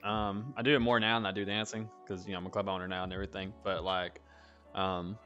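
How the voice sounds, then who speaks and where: Southern man host, lowish bright voice, laughs easily, slightly muffled mix. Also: fast talker, soft background music. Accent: Southern US (North Alabama). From North Alabama, US. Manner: laughs often, animated swings of loudness. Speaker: podcast host, club owner. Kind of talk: casual chat.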